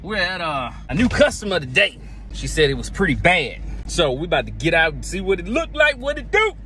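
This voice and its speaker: Brief: high, wildly animated man doing a working-day vlog outside, loud and jokey, clip-on mic, clear street noise behind. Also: a little fast. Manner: loud, joking, shouts and exclaims while working. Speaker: trash can cleaning business owner. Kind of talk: casual on-the-job vlog. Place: outdoors by a house, near a street. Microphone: small clip-on mic with phone camera.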